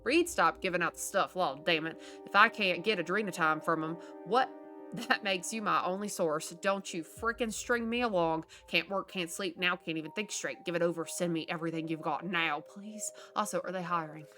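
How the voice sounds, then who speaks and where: A woman reading as an eager man writing home to his cousin, chatty and increasingly desperate. The voice sits low, with game music playing clearly beneath it. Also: moderate pace, pushed and bright.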